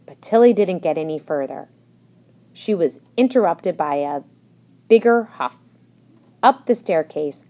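A woman narrating a children's storybook in a gentle storytelling manner. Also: low-pitched. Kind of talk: scripted narration.

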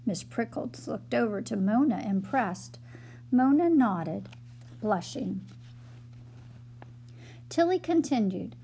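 A woman reading a children's chapter book aloud in a gentle, unhurried storytelling manner. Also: mid-range voice, gravelly, slightly rough. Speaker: storybook reader.

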